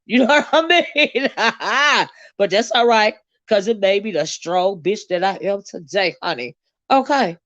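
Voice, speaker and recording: A woman with a Southern US accent, hosting a casual livestream chat, sassy and quick to laugh, with drawn-out exclamations. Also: mid-range voice, lively intonation, fairly bright tone, no echo, highs cut off. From American South. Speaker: livestream host reading viewer comments.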